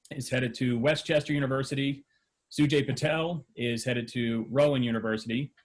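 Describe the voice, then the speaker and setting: Male, middle-aged, school media teacher; loose spoken remarks at a board meeting, lots of fillers. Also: medium pitch. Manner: conversational, with frequent fillers and restarts. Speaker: high school TV program advisor.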